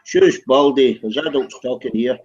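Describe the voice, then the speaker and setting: A man's voice: medium pitch, moderate pace, darkish tone. Crude teasing man on dull lo-fi voice chat. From Wales. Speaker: voice chat participant. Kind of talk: casual voice chat banter. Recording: dull lo-fi online voice chat audio.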